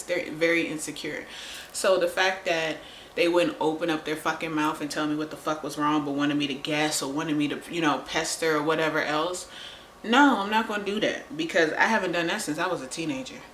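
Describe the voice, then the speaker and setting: A woman with a somewhat low voice talks straight to camera in a candid vlog. She is blunt, swears freely and laughs between points. The room rings with echo, and faint noise sits behind her. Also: fairly bright tone. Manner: blunt and profane, laughs often. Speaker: vlogger. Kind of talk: candid relationship talk to camera. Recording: roomy echo.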